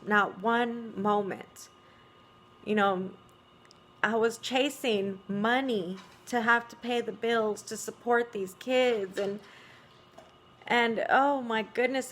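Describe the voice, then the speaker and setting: Soft-spoken reflective woman. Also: mid-range voice, a little hiss or hum. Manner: reflective, soft-spoken, many "you know"s and small laughs. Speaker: vlogger. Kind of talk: casual spiritual monologue.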